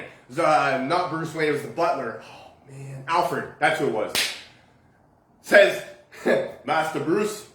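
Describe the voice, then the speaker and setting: A man's voice: a little high, bright, forceful tone, echoey room. A man giving a casual motivational talk, rambling with frequent tag questions and chuckles. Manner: rambling, frequent "right?" tags and restarts; chuckles often while talking. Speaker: self-help speaker.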